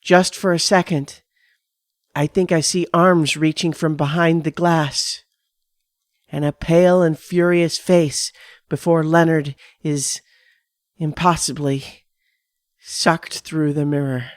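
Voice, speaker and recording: A woman giving a measured, dramatic first-person reading of a scripted horror story on a close studio mic. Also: deep voice, fairly even intonation, no echo. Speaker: narrator.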